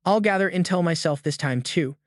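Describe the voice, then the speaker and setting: A cold teenage boy assassin who speaks casually and flatly, as a man voices him. Nothing seems to bother him. The voice sits a little high, and the sound is dry and close. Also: fairly quick, no room sound, natural voice. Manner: casual, flat, unbothered.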